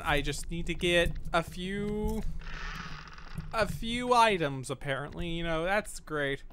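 A man's voice: a little high, noisy background. A man narrating a horror game playthrough, joking and self-mocking as he talks to the characters on screen. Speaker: game host playing a horror game. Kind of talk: let's play commentary.

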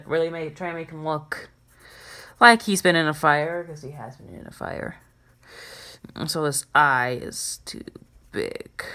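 Woman, drawing tutorial host, chatty, self-deprecating, bright tone, slow delivery. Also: a bass voice, creaky. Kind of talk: casual drawing tutorial commentary.

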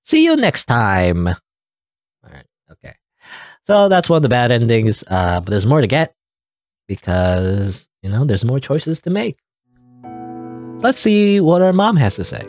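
A man's voice: mid-range voice, big pitch swings, a little slow, long pauses, darkish tone, dry recording, studio quality, soft background music. A man hosting a let's play, commenting casually and rambling with fillers between story scenes.

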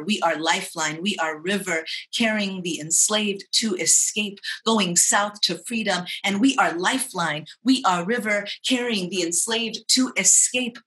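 A woman's voice: lowish voice, pushed and bright. A woman poet from Texas performing spoken word poetry, with rhythmic, incantatory repetition.

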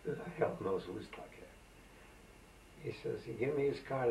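A man's voice: medium pitch, normal speed, gravelly, dark tone, a little hiss or hum. A man in his eighties, from Macedonia, telling rambling stories full of fillers in an oral history interview, recorded on a roomy tape from a distance. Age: 80s. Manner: rambling, anecdotal, with frequent fillers. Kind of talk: reminiscing conversational storytelling.

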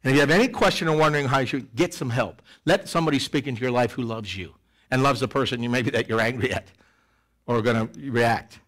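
A middle-aged man preaching a sermon in church, animated, swinging between loud emphasis and quiet asides. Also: mid-range voice, quick pace. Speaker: pastor. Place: church sanctuary.

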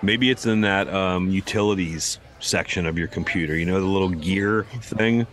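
A man's voice: deep voice, normal speed, a bit bright. A man co-hosting a comedy podcast in casual chat, rambling and correcting himself as he goes. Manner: rambling, full of fillers and self-corrections. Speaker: podcast co-host.

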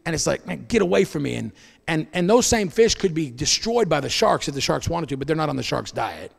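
Gravelly preacher in a reverberant hall. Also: male voice, very animated, fairly quick. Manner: preaching with wide swings in loudness and pitch. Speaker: pastor. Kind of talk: sermon. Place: church sanctuary.

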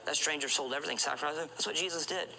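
A male street preacher delivers an urgent evangelistic sermon. His voice sits high and sounds very bright and cutting. He stumbles into repetitions and fires rhetorical questions, with a faint ambient hiss behind him. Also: very fast, gravelly, low-quality recording.

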